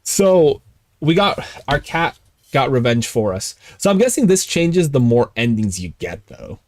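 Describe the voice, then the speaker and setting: A man's voice: medium pitch, sing-song, normal speed, a little hiss or hum. A young man livestreaming a horror game, reading the game text aloud and reacting with swearing and exclamations. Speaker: streamer.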